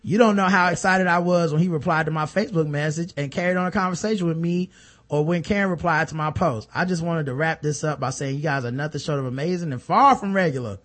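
A man co-hosting a podcast, chatting casually and reading listener emails aloud with low muttered asides. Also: fast, a bit bright. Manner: laid-back, drops into a low mutter for asides, reads letters aloud. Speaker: podcast co-host.

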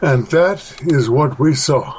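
A man reading a horror story aloud as a podcast host, in a measured, dramatic way. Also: on the high side, lively intonation, slight background noise. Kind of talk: scripted horror story narration.

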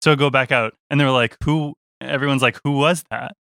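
A young man, a touring musician, telling a story in an animated, casual way with lots of restarts and laughs. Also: medium pitch, brisk, creaky, clean tone, no room sound, studio quality.

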